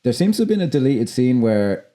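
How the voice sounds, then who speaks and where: Man with a dark voice, casual and sweary. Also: mid-range voice, very animated, fairly quick. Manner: swears casually, quotes film lines in put-on voices. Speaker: podcast co-host. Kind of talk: casual film discussion.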